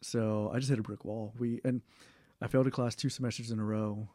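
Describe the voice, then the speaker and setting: Dark-voiced man, rambling. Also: fairly low pitch, level tone, brisk, dry recording, clean studio sound. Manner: rambling, many fillers and restarts, frequent throat clearing. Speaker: interviewee. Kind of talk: casual oral history interview.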